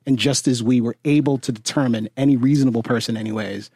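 A man's voice: mid-range voice, steady tone, quick pace, dark tone, breathy edge, no echo, clean studio sound. A man in casual podcast chat, blunt and sardonic, cursing freely.

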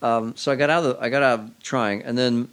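A man's voice: medium pitch, fairly even intonation, fairly quick, fairly bright tone, clear, resonant tone. A man telling a long story as an interview guest, casually and wryly, with frequent restarts. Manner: rambling, restarts often, wry.

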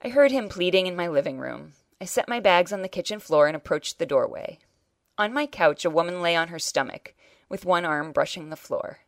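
Wry woman reader of literary fiction, low voice, close and dry. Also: animated, brisk, no room sound. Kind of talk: first-person short story reading.

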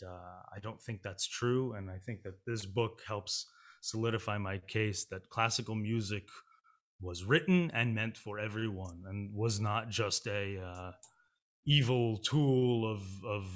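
A man's voice: on the low side, a little slow. Candid man chatting as interview guest. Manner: candid, animated, laughs often. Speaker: opera singer and music writer, guest. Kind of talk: casual interview conversation.

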